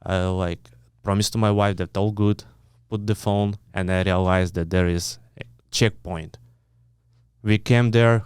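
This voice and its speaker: Blunt Ukrainian-accented man, low clear voice. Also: fairly even intonation, a little slow, a little mellow, no echo, clean studio sound. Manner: blunt, swears often, acts out quoted dialogue; broken English, frequent restarts. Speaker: guest. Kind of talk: storytelling in an interview.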